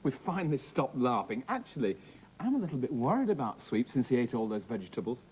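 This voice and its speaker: A man's voice: medium pitch, sing-song, fast, a little mellow, soft background music. A man presenting a children's TV show in a playful, exaggerated and giggly way.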